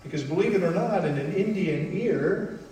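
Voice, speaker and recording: A man delivers a sermon in an unhurried, emphatic way, leaning on key phrases between long pauses. His voice sits a bit high and rings through a very echoey hall, picked up from some distance with faint room noise behind. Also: expressive, warm tone. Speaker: pastor.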